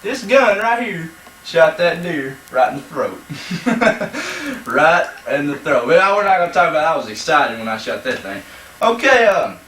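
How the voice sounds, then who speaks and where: A man doing a lively bragging deer-hunting pro. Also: fairly high pitch, a little slow, slight background noise. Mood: boastful. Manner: boastful, rambling, hammy emphasis. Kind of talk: comedy sketch. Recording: echoey room, mic far off.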